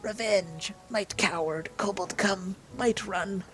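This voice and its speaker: A gamer voicing a small, proud male kobold chief who speaks in slow, broken phrases. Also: medium pitch, fairly bright tone, soft background music, pitched above the performer's own voice. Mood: boastful. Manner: broken grammar, slow and stubborn.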